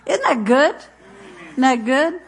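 A woman's voice: sits high, lively intonation, slow pace, slightly rough. A woman preaching in a church, chatty and folksy, telling homey stories and reading scripture between laughs. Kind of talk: sermon with jokes and scripture reading.

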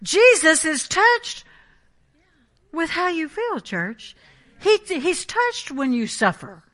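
Bright-voiced woman preaching emphatically. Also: very high voice, big pitch swings, slow. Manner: emphatic, checks in with the congregation. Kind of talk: Pentecostal sermon.

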